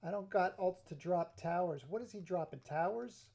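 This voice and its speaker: Gravelly, mellow-voiced excitable male streamer. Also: sits high, moderate pace. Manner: excitable, scattered, talks to chat, laughs often. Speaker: live streamer. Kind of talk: rambling live-stream chat with viewers.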